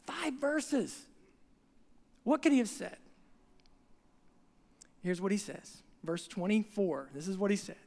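Animated preacher in a reverberant hall. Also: male voice, high voice, slow, long pauses. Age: older. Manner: animated storytelling, voicing the crowd in quotes. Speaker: pastor. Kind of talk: sermon.

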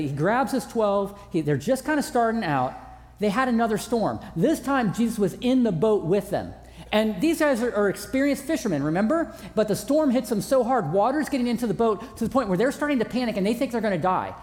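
A man's voice: high-pitched, darkish tone. A man preaching a sermon as pastor in a large church auditorium, conversational with self-deprecating humor. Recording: long hall reverb.

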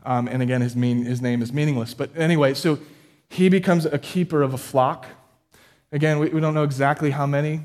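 A man preaching a sermon as pastor, building emphatically to loud peaks and dropping low again, putting questions straight to his listeners. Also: fairly even intonation, fairly quick. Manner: addresses listeners directly with questions.

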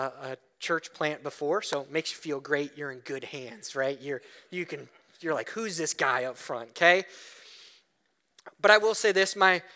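Bright, clear-voiced male pastor preaching. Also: a little high. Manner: conversational, storytelling with acted-out quotes. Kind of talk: sermon. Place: church.

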